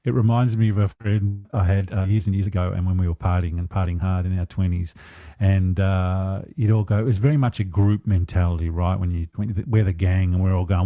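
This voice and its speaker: A man's voice: low-pitched, steady tone, a little fast, dry recording, phone-quality sound. A man speaking as an empowerment coach in a podcast interview, earnest and reflective, taking his time over his thoughts.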